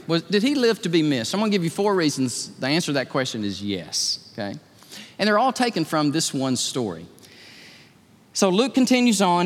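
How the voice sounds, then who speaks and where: High, animated male pastor preaching. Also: big-room sound. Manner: animated storytelling with joking asides to the congregation. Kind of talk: sermon.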